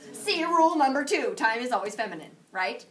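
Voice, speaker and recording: A woman Spanish teacher giving a playful, animated classroom lesson, quizzing her students. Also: high-pitched, brisk. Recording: distant classroom camera with faint noise.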